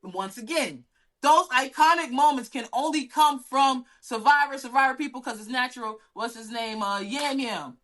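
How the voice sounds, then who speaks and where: A woman chatting as a podcast guest, animated and slangy, full of laughing asides. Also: sits high, moderate pace. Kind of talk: casual chat.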